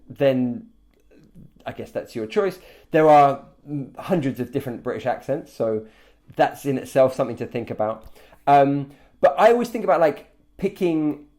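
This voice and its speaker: A man who teaches English, chatting casually with many fillers and restarts. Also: mid-range voice. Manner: relaxed, rambling with many fillers. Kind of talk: casual chat.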